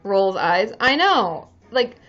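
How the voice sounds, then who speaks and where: A woman's voice: medium pitch, sing-song, takes it slowly, a bit bright. A woman therapist chatting casually on a livestream, candid and chatty, swearing freely and laughing often. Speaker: licensed therapist hosting a livestream. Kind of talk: casual live-stream chat. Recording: dull lo-fi live-stream audio.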